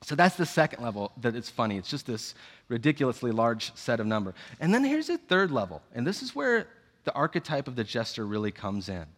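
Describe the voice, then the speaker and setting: A man preaching a sermon, telling the story in a playful, animated way with jokes. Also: mid-range voice, brisk, long reverb tail.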